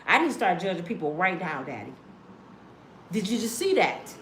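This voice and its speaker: A woman voicing an exasperated Jesus who pleads with his father in a whiny, drawn-out voice, recorded in an echoey room. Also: on the low side, very animated, slight background noise, pitched below the performer's own voice. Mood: exasperated pleading.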